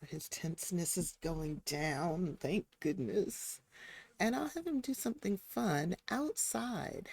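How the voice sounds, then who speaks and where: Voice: medium pitch, lively intonation, slow, creaky, darkish tone, no room sound. A game streamer chatting casually through a live stream, talking to the characters on screen as they play. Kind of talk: casual live-stream commentary while playing.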